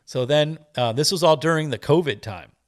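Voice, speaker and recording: A man's voice: a little high, normal speed. A man talking as a podcast guest, telling a story in loose, casual chat with some swearing. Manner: loose, profane, acts out scenes with quoted voices.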